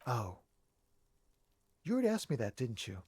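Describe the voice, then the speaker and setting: An actor voicing a nervous young man in a video game who talks in a hushed, evasive, guarded way. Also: mid-range voice, wildly swooping pitch, moderate pace, breathy edge, dry recording, heavily acted. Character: nervous young male balcony smoker. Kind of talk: game voice acting.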